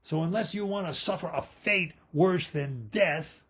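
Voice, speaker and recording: A man playing a boastful, threatening king of the gods in a told story, speaking lower and softer than his own voice. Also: a little slow, husky. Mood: haughty. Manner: pompous, threatening.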